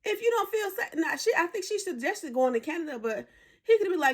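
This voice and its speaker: High-voiced woman losing her voice. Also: very animated, a little fast. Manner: chatty, slangy and opinionated, with asides to viewers. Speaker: commentary vlogger. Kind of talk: casual storytime commentary. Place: home in winter.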